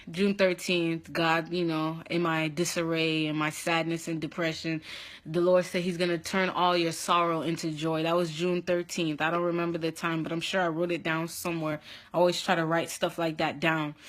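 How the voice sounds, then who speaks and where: A young adult woman telling her own story in a casual vlog, expressive, with loud whoops and animated retelling. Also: lowish voice. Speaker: vlogger.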